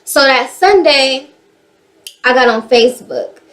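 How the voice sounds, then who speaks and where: A young woman from the Bay Area telling a personal story in a casual, animated way, swearing freely. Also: sits high, slow pace. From San Francisco Bay Area. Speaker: vlogger.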